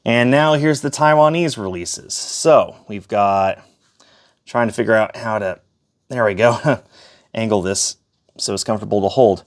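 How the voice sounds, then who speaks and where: A man's voice: on the low side, measured pace. A man giving a casual, chatty tour of his disc collection, with fillers and self-corrections as he goes. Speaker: collector showing his shelf.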